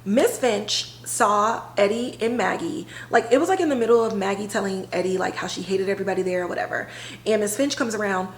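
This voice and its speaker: A woman podcast host retelling a TV episode in a casual, animated way, full of filler words. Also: medium pitch, a little fast, echoey room, a little hiss or hum, rough recording. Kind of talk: casual storytelling recap.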